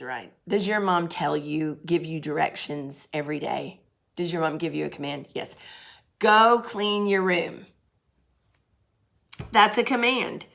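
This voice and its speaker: A middle-aged woman teaching a grammar lesson to young children, patient and explaining slowly with examples and questions. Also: on the low side, gravelly, a bit bright.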